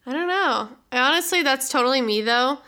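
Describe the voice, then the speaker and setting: A woman's voice: sits high, animated, fairly quick, pushed and bright, clean tone. A tired young woman co-hosting a podcast, easygoing and chatty, swearing casually. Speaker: podcast co-host. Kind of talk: casual chat.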